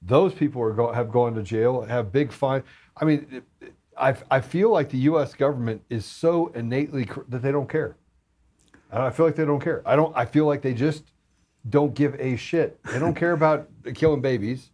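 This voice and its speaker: A man's voice: mid-range voice, normal speed, a little mellow. A man talking as a podcast guest in casual chat, blunt and heated, with some swearing.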